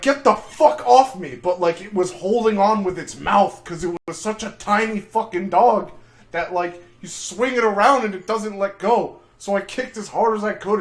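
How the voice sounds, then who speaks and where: A man telling a crude, profanity-filled story on a casual livestream, with shouted outbursts. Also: high voice. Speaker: streamer.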